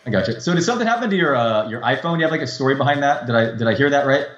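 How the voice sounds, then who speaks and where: A man co-hosting a relaxed podcast who teases his partner and asks him questions. He talks quickly in a mid-range voice. His audio comes over a muffled line with a roomy echo. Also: mid-range voice. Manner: easygoing, teasing, asks questions. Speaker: podcast co-host. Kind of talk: casual chat. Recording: roomy, dull remote line.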